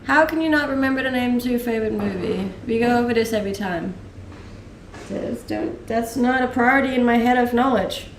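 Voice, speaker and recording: A young woman from Denmark, her voice a little high and her delivery brisk, chats easily on a live stream while answering what viewers ask. She laughs a lot and uses plenty of fillers. Background noise is present, the room echoes, and the microphone is slightly far away.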